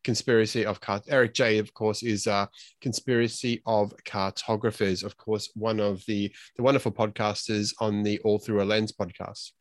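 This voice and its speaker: A man's voice: lowish voice, flat delivery, moderate pace, no echo. Chatty man hosting a podcast. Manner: stumbling over words, chatty and self-deprecating. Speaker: podcast host. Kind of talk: casual podcast chat, reading listener entries aloud.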